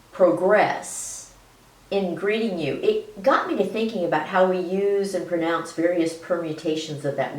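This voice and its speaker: A woman teaches in a relaxed, chatty manner, laughing softly between her points. She speaks slowly and stretches key words, and her voice swings high and low. She sits a little back from the mic, and the room around her sounds roomy. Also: far from the mic. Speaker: health educator. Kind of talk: educational video lecture.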